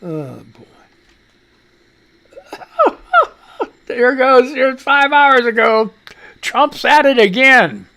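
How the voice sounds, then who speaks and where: A man's voice: very high voice, drawn-out words, creaky, long pauses. A man hosting a live talk show, rambling casually and reading news headlines with his own blunt commentary. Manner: animated, swears freely, chats to his cat. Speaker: radio show host.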